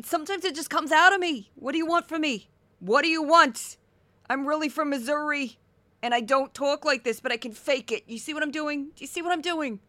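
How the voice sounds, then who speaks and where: A loud, grumbling Brooklyn character, put on by a woman with a bright, high voice. She complains in an exasperated way. The sound is close and dry. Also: dry recording. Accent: New York (Brooklyn).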